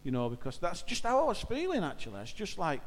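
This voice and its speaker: A man's voice: high voice, wildly swooping pitch, fast, long reverb tail. A man giving an informal church talk, speaking conversationally and hesitantly with many fillers.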